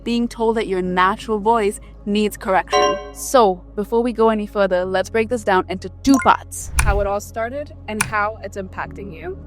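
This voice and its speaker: A woman's voice: mid-range voice, moderate pace, hardly any pauses, over music. A woman from India with an Indian English accent, speaking in a scripted vlog commentary and making her points emphatically with rhetorical questions. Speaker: vlogger.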